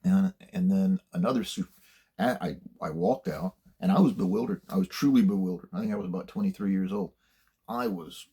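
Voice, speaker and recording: A man's voice: low-pitched, steady tone, fairly quick, creaky, warm tone, husky. An older man giving blunt, plainspoken career advice in a casual monologue, swearing freely as he tells stories from his working life. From United States.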